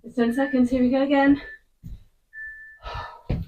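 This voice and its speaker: A woman's voice: high-pitched, flat delivery, measured pace, darkish tone. A woman coaching a workout follow-along, out of breath, giving short encouraging cues between efforts. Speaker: fitness instructor. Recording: voice picked up from a distance.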